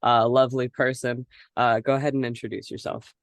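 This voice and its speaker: A man's voice: medium pitch, level tone, fairly quick, dry recording. A young man hosting a casual podcast chat, giggly and rambling with lots of fillers. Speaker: podcast host.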